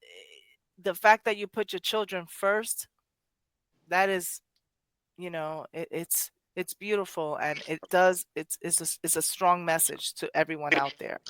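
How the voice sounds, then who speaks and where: A woman's voice: lowish voice, fairly even intonation, a little slow, a bit bright, no echo. A woman hosting a poetry podcast, speaking emotionally in casual chat, rambling with many restarts and self-corrections. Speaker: poetry show host.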